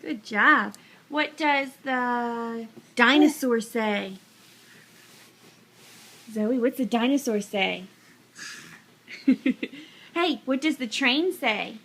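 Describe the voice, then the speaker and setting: A woman's voice: fairly high pitch, very slow, pauses often, a bit bright, a little hiss or hum. A mother in a home video, coaxing her baby with sing-song questions and praise.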